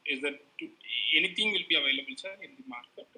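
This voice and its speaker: A male student in a classroom asking his teacher a halting question, searching for words as he goes. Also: on the high side, bright, forceful tone, slight background noise, rough recording.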